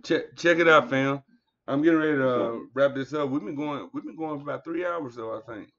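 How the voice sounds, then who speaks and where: A man's voice: mid-range voice, a little fast, fairly bright tone. A man hosting a livestream show, signing off casually in a loose, rambling way. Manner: loose and rambling, full of fillers and restarts. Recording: dull, lo-fi audio.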